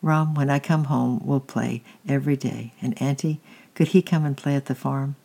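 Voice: mid-range voice, steady tone, normal speed, creaky, dark tone. A reader voicing an unhappy little boy who has been sulking and is sorry now, in a plain reading voice with small stumbles. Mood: sulky.

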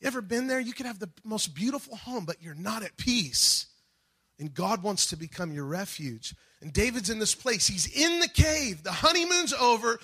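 A man preaching a sermon, moving between quiet reflection and loud, emphatic calls. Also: sits high, very animated, moderate pace, slightly rough. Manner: dynamic preaching, swings from soft to shouting. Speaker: pastor.

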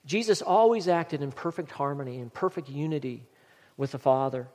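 A man's voice: fairly high pitch, lively intonation, normal speed, a little mellow, long reverb tail. A male pastor preaching a sermon in an earnest, emphatic manner, reading scripture aloud.

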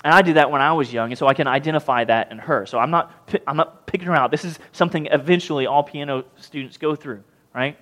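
A pastor preaching a sermon, animated and questioning his congregation. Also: on the high side, fast talker, hardly any pauses. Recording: long hall reverb.

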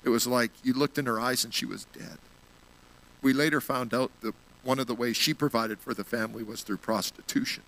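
A man's voice: mid-range voice, fairly even intonation, a little fast, a bit bright, low-quality recording. A man giving an earnest sermon, telling a personal story and appealing to the congregation. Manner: earnest storytelling, gets emotional. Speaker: guest speaker at a church.

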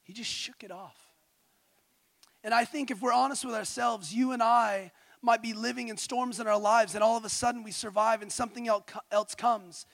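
A man from California with a high-pitched voice preaches a sermon in his thirties. He moves between hushed, intimate confession and loud, rousing calls to the congregation. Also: steady tone, normal speed, gravelly, no room sound. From California, USA. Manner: passionate, swings from quiet intimate tones to loud exhortation.

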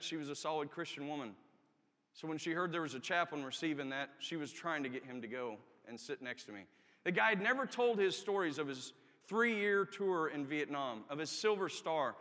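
A man's voice: fairly high pitch, sharp tone. Earnest preacher man in a reverberant church. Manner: earnest, candid storytelling with emphatic rises. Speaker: army chaplain preaching. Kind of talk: testimony sermon. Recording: long reverb of a church hall.

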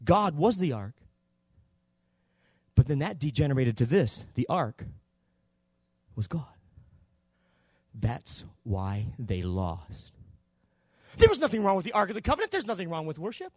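A man preaching a sermon in a church, swinging between loud shouting and quieter low passages. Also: huge pitch swings, unhurried, pauses often, no room sound, studio quality. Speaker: pastor.

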